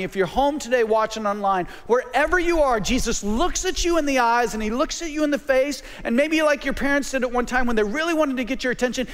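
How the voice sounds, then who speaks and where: A man preaching a sermon as pastor, calling for amens and dropping to a hush at times. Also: very high voice, in a large hall. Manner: call-and-response preaching, swinging from loud to hushed.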